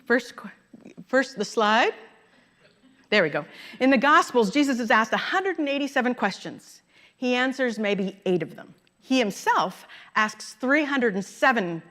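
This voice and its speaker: This Sunday sermon comes from a middle-aged woman minister in a church sanctuary, her voice a little high. Relaxed and chatty, she stops now and then to laugh at the anecdotes she tells.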